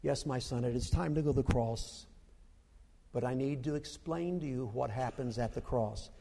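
A preacher voicing a solemn heavenly father who speaks low and hushed, slow and grave. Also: vocal fry, breathy edge, big-room sound.

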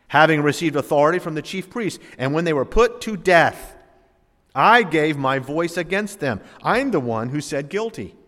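A man preaching a sermon, reading scripture aloud and explaining it dramatically, swinging between loud emphasis and hushed asides. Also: medium pitch. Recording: long reverb of a large hall.

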